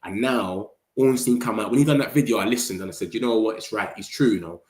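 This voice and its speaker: A man, talking excitably in slang as a football fan streamer and reacting to his chat. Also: fairly low pitch, fast talker, few pauses. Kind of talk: casual livestream commentary. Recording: roomy echo.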